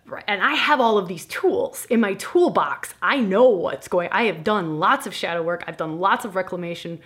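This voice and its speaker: A woman in a podcast conversation, telling a candid personal story in an animated, self-mocking way and swearing now and then. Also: medium pitch, normal speed.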